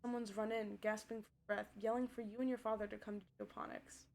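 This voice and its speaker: A woman's voice: mid-range voice, flat delivery, fairly quick. Woman streamer reading game text aloud. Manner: reads narration steadily, then breaks off with loud distressed outbursts and swearing.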